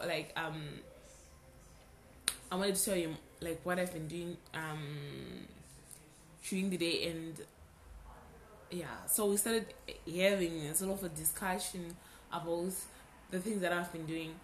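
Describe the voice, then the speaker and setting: A young adult woman hosting a podcast, telling a personal story in a casual, animated way and repeating words for emphasis. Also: lowish voice, a little hiss or hum. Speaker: podcast host.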